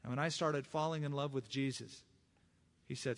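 A male preacher delivering an expressive sermon. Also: mid-range voice, normal speed. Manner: expressive preaching that acts out quoted speech; personal testimony.

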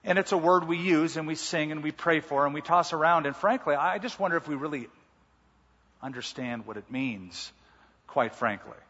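Husky man preaching in a big hall. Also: fairly high pitch, moderate pace, pushed and bright. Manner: emphatic, repeats key words. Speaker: pastor. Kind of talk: sermon. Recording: muffled hall reverb.

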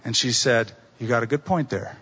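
A man's voice: medium pitch, normal speed, highs cut off, noisy background. A middle-aged male pastor preaching a sermon, telling stories and acting out the quotes of the people in them. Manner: storytelling with acted-out quotes.

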